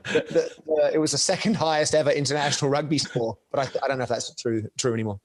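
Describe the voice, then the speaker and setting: A man's voice: mid-range voice, slight background noise. Rambling storyteller man on a podcast. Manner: animated storyteller, rambling, quick laughs. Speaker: podcast guest. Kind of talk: casual storytelling chat.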